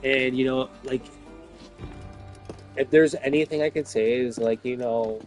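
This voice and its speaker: A man's voice: medium pitch, steady tone, measured pace, a little mellow, faint music behind. A man, rambling about his life with lots of fillers and swearing when worked up. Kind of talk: rambling personal talk.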